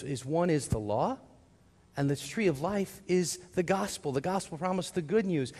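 A man's voice: on the high side, a little mellow, long reverb tail. A man preaching a sermon as pastor, putting questions to the congregation and answering them himself. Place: church sanctuary.

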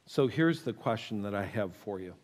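A man's voice: fairly low pitch, expressive, moderate pace. A pastor preaching to his congregation in a conversational, teasing way, stretching out words for emphasis. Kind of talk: sermon with audience questions. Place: church sanctuary. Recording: long reverb of a church hall.

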